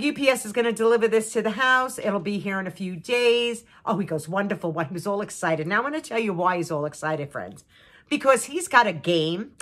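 Lively chatty woman in her sixties. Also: medium pitch. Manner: chatty, exasperated, laughing asides. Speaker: vlogger. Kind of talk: casual storytelling to camera.

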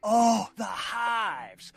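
A man putting on a swaggering rock-and-roll crooner impression with a hammy, drawling, shouted sing-song delivery. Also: sits high, big pitch swings, extremely slow, creaky, dry recording, soft background music, voice pushed up, full character voice. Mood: hammy, rousing.

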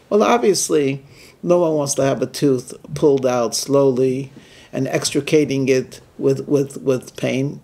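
A man's voice: fairly high pitch, creaky. A man, a rabbi, telling a story as a weekly sermon and briefly voicing the people in it. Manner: animated storyteller who voices the people in his stories.

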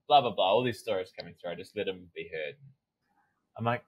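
A man's voice: low-pitched, moderate pace, husky, poor audio. A man, a sobriety coach, telling a personal story in a casual podcast interview, acting out his inner dialogue and swearing casually.

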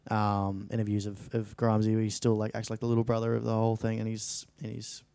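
A man's voice: fairly low pitch, monotone, fairly quick, gravelly, mellow, smooth, no room sound. A young Australian man in his late teens, an actor chatting casually in a studio interview, rambling with frequent restarts and fillers. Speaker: actor guest.

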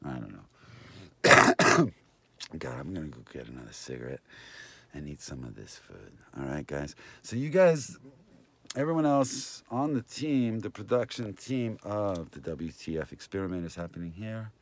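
A man's voice: low-pitched, expressive, normal speed, fairly bright tone. Man, rambling vlog host, wandering talk, swooping intonation. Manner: meandering, talks to viewers and passersby. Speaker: vlogger and host.

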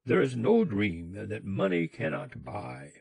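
A man playing a cruel, greedy old man who speaks harshly and gives orders, loud and slow. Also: fairly low pitch, huge pitch swings, creaky, husky, dry recording, exaggerated voice. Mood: harsh demanding. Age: older. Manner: harsh, commanding.

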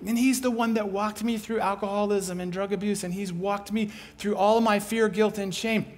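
A man voicing an excited, grateful adult woman neighbor in a high, gushing voice. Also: moderate pace, close to an everyday voice.

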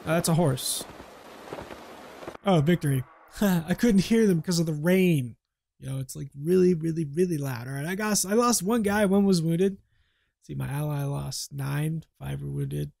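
A man with a notably high voice gives loose, chatty commentary over his gameplay. He is playful and easygoing, and slips into half-serious role-play now and then. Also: normal speed, gravelly, mellow, dry recording.

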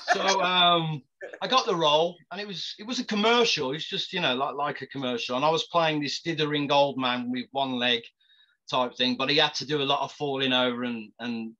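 This actor guest's voice sits on the high side, sounding pushed and bright, though the recording is muffled. He tells stories in a relaxed way, breaking into frequent laughter and tripping over restarts.

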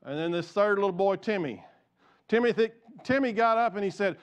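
Man pastor, high voice, chatty sermon, repeats himself, jokes with listeners. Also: brisk. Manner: conversational, repeats words, jokes with the congregation. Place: church.

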